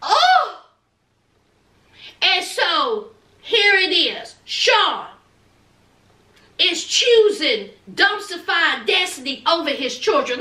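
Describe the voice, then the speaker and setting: Brief: sassy woman recapper, high bright voice, lively swings in pitch. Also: roomy sound, far from the mic. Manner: sassy, dramatic, scolding with slang. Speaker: TV recap vlogger. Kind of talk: reality TV recap commentary.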